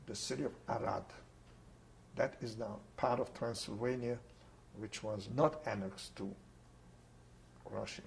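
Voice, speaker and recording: An older man from Czechoslovakia recounts his wartime survival in an oral history interview. His voice is gravelly and his pitch sits in an ordinary middle range. He speaks unhurriedly with pauses, over a faint background hiss. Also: darkish tone, poor audio. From Ungvar, Czechoslovakia. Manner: unhurried, plain storytelling with pauses.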